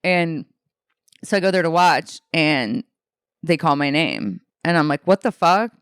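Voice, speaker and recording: A woman's voice: sits low, unhurried, smooth, no echo, clean studio sound. A young woman from Alaska, a comedian, telling stories casually in an interview, swearing often and acting out what people said. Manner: animated, swearing, acts out quotes in other voices. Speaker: comedian guest.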